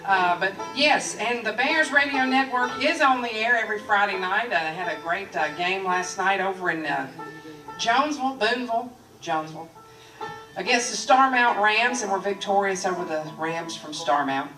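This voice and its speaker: A woman's voice: medium pitch, normal speed, far from the mic, over music. Woman radio host, off mic. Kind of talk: casual live radio chat. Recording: roomy studio sound, off mic.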